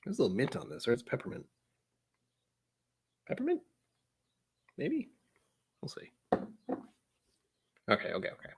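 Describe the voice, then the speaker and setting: A man's voice: fairly low pitch, big pitch swings, a little fast, creaky, long pauses, fairly bright tone, breathy edge. Guy doing a whiskey tasting vlog, rambly and jokey, voice bounces around a lot. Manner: rambling, self-deprecating, chatty asides. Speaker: whiskey vlogger. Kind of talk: casual whiskey tasting chat.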